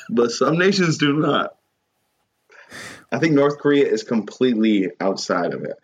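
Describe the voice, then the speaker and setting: A man's voice: mid-range voice, animated, normal speed, pauses often, a little hiss or hum. Podcast host, male, crude jokey banter, slightly muffled lo-fi sound. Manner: crude, joking, slips into mock voices. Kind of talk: casual comedic chat.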